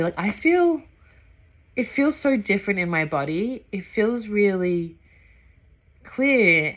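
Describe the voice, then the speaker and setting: A young woman with a low voice speaks softly and reflectively, pausing often and searching for words. She talks through a personal experience in a gentle, unhurried way. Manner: soft, halting, with many fillers and pauses. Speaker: breathwork trainee.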